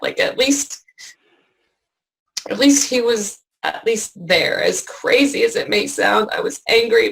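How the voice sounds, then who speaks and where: Woman talking slow, kinda gravelly, lots of ums and restarts, on the edge of tears. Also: mid-range voice, poor audio. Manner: halting, many fillers and restarts. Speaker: interview guest. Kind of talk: emotional personal testimony.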